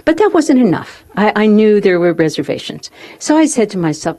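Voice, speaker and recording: A woman speaker telling a personal story to a live group, expressive and often laughing as she speaks. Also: medium pitch, a little fast, hardly any pauses. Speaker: spiritual speaker.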